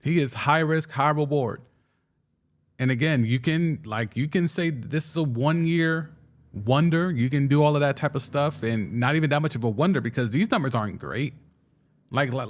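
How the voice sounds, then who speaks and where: Excitable man riffing on football. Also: a little high, normal speed. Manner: excitable, with frequent restarts and stammers. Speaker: sports show host. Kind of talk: casual sports commentary, reading viewer comments. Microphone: studio microphone.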